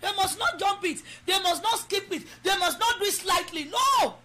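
A woman's voice: very high voice, moderate pace, pushed and bright. A woman with a Nigerian accent preaching a sermon and leading prayer, emphatic and exhorting. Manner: emphatic, exhorting, switches into Yoruba. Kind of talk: sermon with prayer over a live stream.

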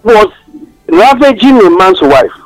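A man's voice: sits high, big pitch swings, a little slow, dry recording, soft background music, low-quality recording. A man with a Nigerian accent giving passionate radio talk-show commentary, mixing English with Pidgin and telling stories. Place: radio studio.

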